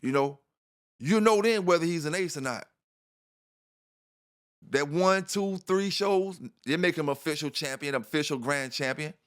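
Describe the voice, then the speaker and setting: Rambling man with a higher voice. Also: a little slow, long pauses, clean tone. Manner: rambling, repeats himself, frequent "you know". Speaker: dog channel host. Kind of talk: casual spoken monologue.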